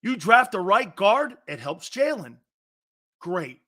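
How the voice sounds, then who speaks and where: A man's voice: high voice, very animated, slow pace, sharp tone. A man hosting a sports talk show, combative and opinionated, firing rhetorical challenges.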